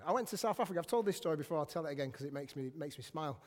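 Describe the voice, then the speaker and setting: A middle-aged man from England preaching a sermon in a church, telling stories with humor and shouting at times. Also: fairly high pitch, rapid-fire. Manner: animated, self-deprecating storytelling with bursts of shouting. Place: church sanctuary. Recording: church hall with long reverb.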